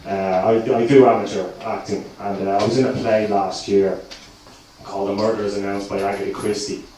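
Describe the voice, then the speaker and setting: A man's voice: lowish voice, flat delivery, fairly quick, mellow. Hesitant Dublin man doing stand-up. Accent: Dublin Irish. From South Dublin, Ireland. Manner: hesitant, lots of ums and uhs, slips into mock-posh voices. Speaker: stand-up comedian. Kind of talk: stand-up comedy set. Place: comedy club stage. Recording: echoey room, mic far, noisy. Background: audience laughter.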